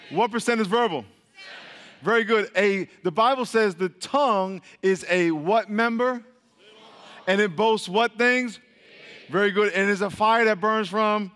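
A man's voice: high voice, a bit bright. A man preaching to a congregation in call-and-response style, repeating his questions, drilling the crowd and laughing often. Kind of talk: call-and-response Bible teaching. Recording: long hall reverb.

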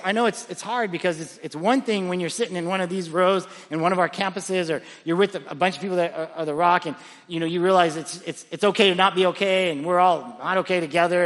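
In a large church auditorium, a long hall reverb trails after a pastor's high, bright, forceful voice. His sermon is lively and story-driven, and he frequently stumbles on repeated words as he restarts his sentences.

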